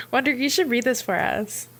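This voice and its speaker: Woman, podcast co-host, casual discussion, slow pace, slightly high voice, giggly, meandering. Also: fairly bright tone.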